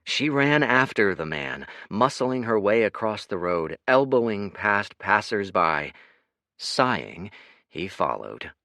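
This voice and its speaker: A man narrating an audiobook in an expressive, dramatic reading. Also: lowish voice, slow pace, no room sound, studio quality.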